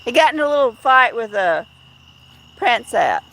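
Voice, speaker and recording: A woman's voice: on the high side, sing-song, unhurried, creaky, a bit bright. A middle-aged woman chatting on a casual outdoor live stream, rambling and greeting viewers by name. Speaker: livestream host.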